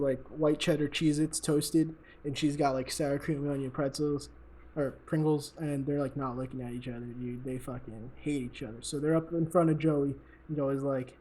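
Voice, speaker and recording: A man's voice: fairly high pitch, a little mellow. A young man co-hosting a podcast, retelling a story in a rambling, profane and giggly way. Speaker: podcast co-host. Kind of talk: casual chat.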